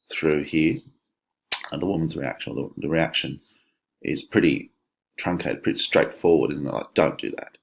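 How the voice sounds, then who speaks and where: Man, very deep voice, casual exam-prep teacher. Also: creaky. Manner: conversational, explanatory, many fillers and restarts. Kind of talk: exam walkthrough lesson.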